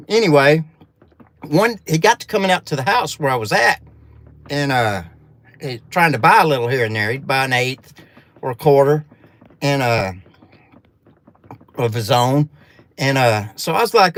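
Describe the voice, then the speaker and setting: A man's voice: fairly high pitch, expressive, moderate pace, long pauses, fairly bright tone, no echo. A man from Arkansas with a Southern accent, telling a rambling, profane story in a folksy, casual way.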